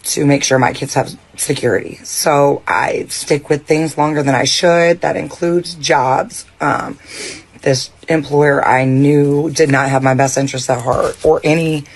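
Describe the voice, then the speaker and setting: A man calmly recounting how he lost his home and job. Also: fairly high pitch, unhurried. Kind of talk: personal account.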